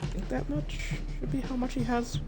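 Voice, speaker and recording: A man's voice: very high voice, level tone, fairly quick. A man streaming a video game, commenting live, swearing often and talking to himself as he plays. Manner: frustrated, swears a lot, talks to himself. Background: game music.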